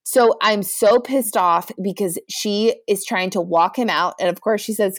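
A young woman co-hosting a casual podcast, recapping a reality show in an animated, profane way and acting out quotes. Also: medium pitch, measured pace, no echo, studio quality. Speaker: podcast co-host.

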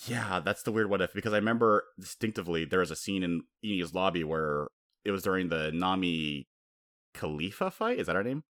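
A man with a low-pitched, slightly bright voice co-hosts a podcast, speaking briskly with lively intonation. He rambles chattily and often laughs as he talks. The recording is dry and clean, with studio quality.

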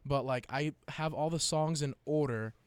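A young man in casual chat, reading a long list out loud and often breaking into giggles. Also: a little high, moderate pace, clear, resonant tone, dry recording.

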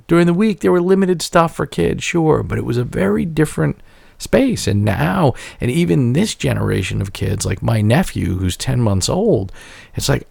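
A man in his forties rambling and swearing through casual podcast chat, his stories loose and animated. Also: mid-range voice, creaky, dry recording. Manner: rambling, profane, animated storytelling. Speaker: podcast co-host.

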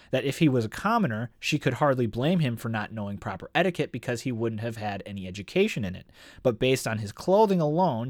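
Animated man chatting about a book. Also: mid-range voice, dry recording, studio quality. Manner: animated, reads passages and paraphrases characters. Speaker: podcast co-host discussing a book. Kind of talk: casual chat and reading aloud.

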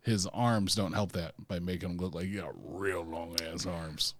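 A man's voice: sits low, fairly even intonation, moderate pace. A man co-hosting a podcast in casual pop culture chat, laid-back with dry humor. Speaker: podcast co-host.

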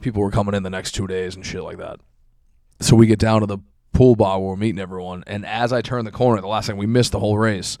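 A young man talks fast and loose, piling on fillers and swearing as he tells a story. His voice sits on the low side and the sound is dry and close, with no room echo. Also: fairly even intonation, mellow. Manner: rambling, profane, lots of fillers. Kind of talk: casual chat.

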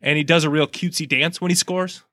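A man's voice: fairly high pitch, steady tone, fast talker, sharp tone, dry recording, clean studio sound. A man hosting a casual soccer preview, easygoing and joking while breaking down teams. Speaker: sports podcast host.

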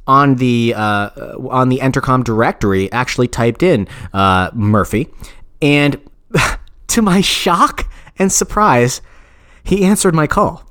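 A man's voice: mid-range voice, expressive, takes it slowly, fairly bright tone, clear, resonant tone, no echo, clean studio sound. A man co-hosting a podcast, telling a story in a rambling, profane way with many restarts. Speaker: podcast co-host. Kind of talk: casual podcast banter.

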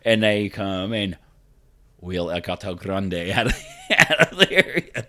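A man with a somewhat low voice spins an animated tale from his workplace. He laughs through it and swears freely, in a loose podcast chat. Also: measured pace. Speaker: podcast co-host telling a work story. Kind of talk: casual storytelling chat.

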